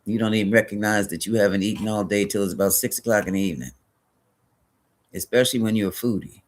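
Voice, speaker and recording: A man's voice: on the low side, fast. A man hosting a spiritual live stream, chatting casually and rambling, often correcting himself and greeting viewers by name.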